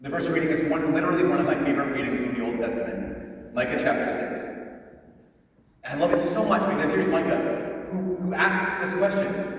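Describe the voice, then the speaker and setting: A man preaching a homily as a priest, lively and conversational, recorded in a large church. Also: on the high side, a little fast. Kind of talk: sermon. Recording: echoey church from far off.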